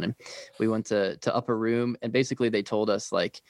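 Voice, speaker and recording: Earnest gravelly Midwestern man, quick. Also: lowish voice, fairly even intonation, no room sound, clean studio sound. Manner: quick, earnest, with frequent fillers. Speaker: ministry team leader. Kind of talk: casual conversational storytelling.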